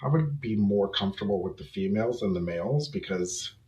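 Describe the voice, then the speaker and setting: A man in his thirties shares his personal story as a podcast guest, speaking candidly and reflectively. His voice sits a little on the low side. The recording carries a noticeable roomy echo. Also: lively intonation, brisk, a little mellow. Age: 30s. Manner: reflective, candid, with small laughs. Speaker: podcast guest, memoir author.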